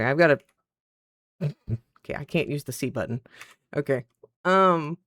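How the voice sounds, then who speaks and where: A woman streamer chatting casually at her PC, telling a story in an animated way and acting out the other people's lines. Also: medium pitch, no echo, clean studio sound. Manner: animated, acts out quoted dialogue. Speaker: streamer and content creator.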